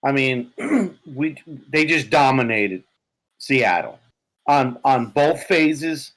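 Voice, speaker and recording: A man co-hosting a sports podcast, talking excitedly and profanely about his team's win, his voice a bit hoarse. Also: medium pitch, slow pace, poor audio. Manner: animated, profane, laughing. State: hoarse from yelling. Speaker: podcast co-host, Giants fan.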